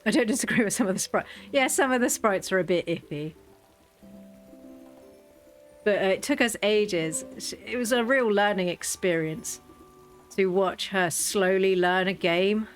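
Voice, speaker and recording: Chatty mum laughing through stories. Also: female voice, medium pitch, normal speed, faint music behind. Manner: chatty storyteller, laughs often. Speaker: streamer. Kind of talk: casual gameplay chat.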